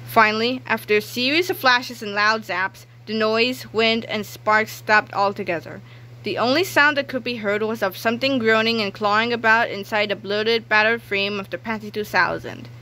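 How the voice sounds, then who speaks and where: A woman reading a children's book aloud in a lively, expressive way. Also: on the high side, moderate pace. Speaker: narrator.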